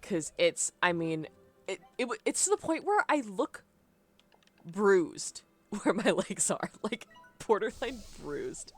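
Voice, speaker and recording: A woman's voice: medium pitch, big pitch swings, slow pace, breathy edge, faint music behind. A young adult woman streaming a game live, chatting casually and rambling, often breaking into laughs. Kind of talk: casual live-stream chat while gaming.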